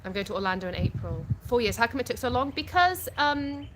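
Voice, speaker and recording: A woman's voice: on the high side, animated, brisk, noisy background. A British woman from the UK hosting a casual live stream at home, reading viewer comments aloud and answering them frankly, often laughing. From United Kingdom.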